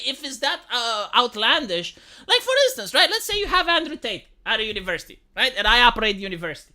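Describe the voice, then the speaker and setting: Woman streamer from Romania, bright tense voice, rambling commentary, lots of restarts. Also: a little high, sing-song, quick pace. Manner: rambling, with many restarts and swearing. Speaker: live streamer. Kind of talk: casual livestream commentary.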